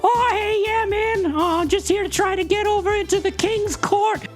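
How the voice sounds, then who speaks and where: A man doing a high excited trash animal. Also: normal speed, loud music behind the voice.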